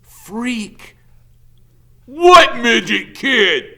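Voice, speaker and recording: A man voicing a cold, volatile convict father who drawls low and then barks loud threats. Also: big pitch swings, drawn-out words, full character voice. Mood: menacing.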